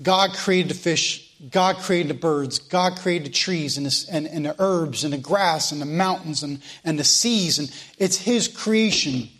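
A man's voice: on the high side, measured pace, few pauses, a bit bright. A man teaching a Sunday school class, preaching with passion and stumbling over repeated words, then leading a prayer. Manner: impassioned, repeats words when stirred up.

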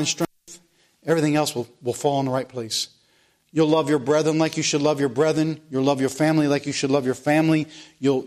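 A man with a fairly high voice preaches a sermon. He speaks earnestly and leans on repetition to press his points. His delivery is plain and direct. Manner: earnest preaching, repeats phrases for emphasis. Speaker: pastor.

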